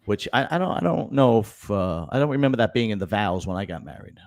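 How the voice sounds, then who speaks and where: A man's voice: fairly low pitch, animated, fast talker. Man rambling through news stories. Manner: rambling storyteller with many fillers and restarts; tells jokes read out for viewer donations. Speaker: podcast host. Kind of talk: casual news chat.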